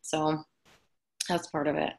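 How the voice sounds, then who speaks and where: A woman on a group coaching call, speaking frankly and self-critically, a little halting. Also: low voice, lively intonation, creaky. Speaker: caller sharing in a coaching session. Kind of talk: candid personal sharing.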